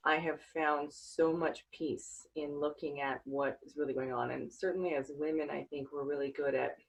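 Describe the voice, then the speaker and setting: Woman host, low voice, husky, reflective, chatty with fillers. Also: fairly even intonation, normal speed, low-quality recording. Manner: earnest, reflective, many fillers like um and you know. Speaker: podcast host. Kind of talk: casual interview chat.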